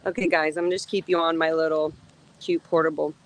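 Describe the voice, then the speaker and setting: A woman's voice: deep voice, level tone, brisk, rough recording. A woman live-streaming outdoors on a phone, chatty and playful, giggling often. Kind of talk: casual live-stream chat. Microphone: phone on a selfie stick.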